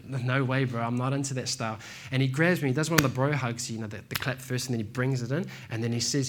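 A man preaching a sermon in a relaxed, slangy way, telling stories and calling listeners "man" and "bro". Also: mid-range voice, fast, hardly any pauses, crowd noise. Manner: laid-back, slangy, says "man" and "bro". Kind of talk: casual sermon with storytelling.

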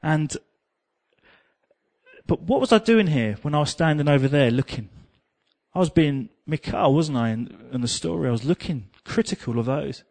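Delivering a sermon with an English accent, a man recounts something from his own life at a moderate pace. His voice is a little high with vocal fry, and he livens the tale with self-mockery and sung snippets.

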